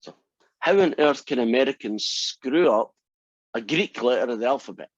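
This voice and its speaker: In a classroom lecture on derivatives, a male math instructor speaks with an expressive, mid-range voice at a moderate pace, tossing in wry, teasing comments. The classroom recording is dry and muffled.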